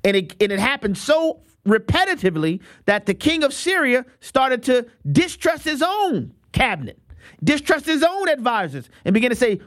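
A man's voice: very high voice, big pitch swings, normal speed, a bit bright, no echo, studio quality. A man preaching a sermon on the radio and making a fundraising appeal, emphatic and given to repeating words as he restarts.

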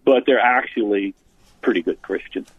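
A man's voice: lowish voice, moderate pace, husky, dry recording. A man being interviewed as an author, earnestly explaining his points with frequent restarts. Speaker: author and pastor guest. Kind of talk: interview about church leadership. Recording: phone-line sound.

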